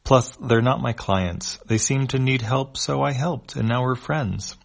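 Earnest delinquent kid, sincere, kinda soft, dude reading a comic. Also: male voice, medium pitch, unhurried, creaky, voice pushed up.

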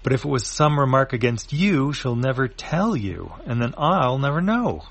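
A man's voice: medium pitch, animated, moderate pace, husky, pitched above the performer's own voice. A man voicing an earnest, worried young woman in a comic, speaking in an anxious, pleading way.

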